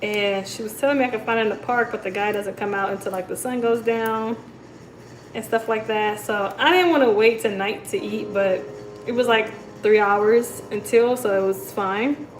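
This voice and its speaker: A woman chatting casually on a livestream, reading comments and telling stories in a relaxed, talkative way. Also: mid-range voice, moderate pace, reverberant, a little hiss or hum, low-quality recording. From United States. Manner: chatty, storytelling, reads comments aloud. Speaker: livestream host. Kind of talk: casual live chat.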